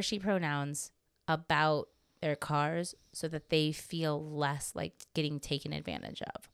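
A woman's voice: sits low, clean tone, dry recording. A young woman co-hosting a podcast, chatting casually in a rambling way, swearing freely and laughing often. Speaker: podcast co-host. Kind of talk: casual chat.

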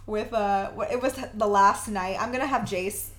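A woman's voice: medium pitch, moderate pace. A woman co-hosting a podcast in casual chat, gushing and laughing often. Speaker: podcast co-host.

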